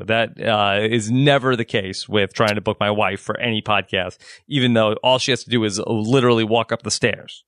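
A man's voice: lowish voice, steady tone, moderate pace, fairly bright tone, no room sound, studio quality. A man in his thirties co-hosting a podcast in casual chat, rambling with many fillers and restarts. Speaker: podcast co-host.

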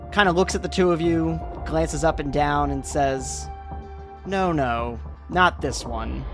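A man with a slightly higher voice narrates a tabletop role-playing scene as game master. He talks loosely and descriptively, with casual fillers. Faint music plays behind him.

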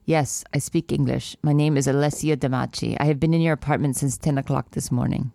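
A woman's voice: rumbling low, steady tone, a little fast, vocal fry, warm tone, dry recording, clean studio sound, voice pushed down. A woman voicing a terse young foreign housekeeper in a shaky put-on accent that drifts from place to place. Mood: flat.

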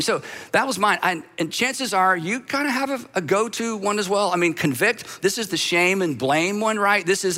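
A man's voice: sits high, expressive, normal speed, pushed and bright. A middle-aged male pastor delivering a sermon in a conversational way, with humorous asides and repeated phrases.

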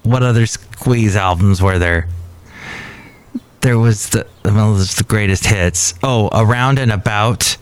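A man's voice: lowish voice, slow pace, clear, resonant tone. A man in his fifties hosting a podcast, rambling casually and poking fun at himself. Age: 50s. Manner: rambling, self-deprecating. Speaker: podcast host. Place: cafe.

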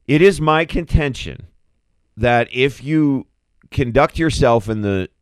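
A man's voice: medium pitch, lively intonation, slow, clean tone. A middle-aged man co-hosts a talk show with an ordinary mid-range voice, earnest and persuasive as he lays out his argument. The sound is close and dry, with no room echo. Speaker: podcast co-host. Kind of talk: casual discussion.

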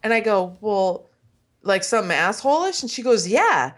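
Woman, animated, swooping pitch, crude, laughs a lot, acts out quotes. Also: moderate pace. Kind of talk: casual storytelling chat.

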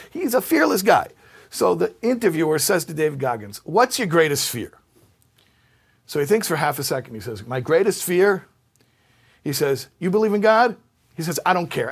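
A rabbi giving a talk, telling stories in an animated way and acting out the people he quotes. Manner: animated storyteller, quotes characters with rising pitch. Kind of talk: sermon storytelling.

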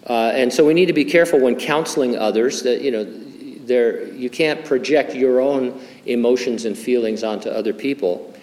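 A man's voice: medium pitch, moderate pace, hardly any pauses, darkish tone, big-room sound. An older male pastor preaching a conversational sermon, full of fillers, restarts and wry humor. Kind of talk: sermon with Bible teaching.

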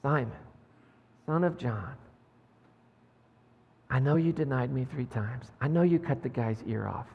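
A man voicing a calm, patient male teacher who gently asks questions, recorded with a long hall reverb. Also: mid-range voice, a little slow, vocal fry, long pauses, breathy edge, highs cut off, voice pushed down. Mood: tender.

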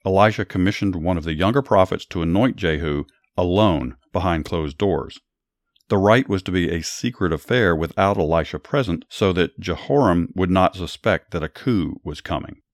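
Deep-voiced man reading Bible stories. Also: no room sound, clean studio sound. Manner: measured, earnest reading, small restarts in commentary. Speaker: storyteller and Bible teacher. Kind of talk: Bible story narration with commentary.

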